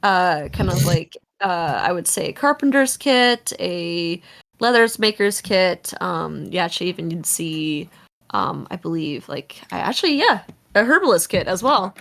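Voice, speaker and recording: A woman's voice: fairly low pitch, animated, measured pace, fairly bright tone. A woman narrating as game master of a tabletop game, describing scenes loosely with many fillers. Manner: rambling, many fillers and laughs.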